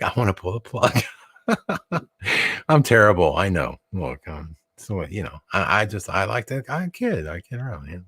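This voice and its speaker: A low-pitched man holds forth as the host of a live broadcast, riffing through stories with plenty of fillers and casual swearing. His voice sits close and dry on the mic. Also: a bit bright, slightly rough, no echo. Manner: rambling, joking, profane, frequent fillers and restarts. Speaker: show host.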